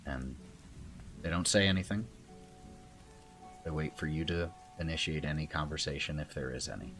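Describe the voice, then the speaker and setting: A man as game master, narrating a tabletop role-playing scene in a slow, calm, descriptive way. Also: a bass voice, faint music behind.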